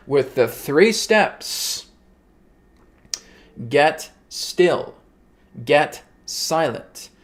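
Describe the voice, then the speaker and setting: A man voicing a calm, commanding male spirit guide in a slow, emphatic, preaching cadence. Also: on the high side. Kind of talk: channeled spiritual teaching.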